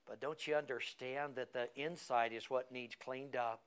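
A man's voice: mid-range voice, measured pace, fairly bright tone, clean tone. A man preaching a sermon, reading a story aloud and building to emphatic, fervent climaxes.

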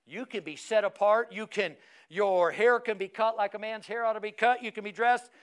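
A man with a high voice preaches to his class. He asks the room questions and calls on people by name as he teaches. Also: moderate pace, clear, resonant tone. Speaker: pastor. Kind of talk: sermon teaching.

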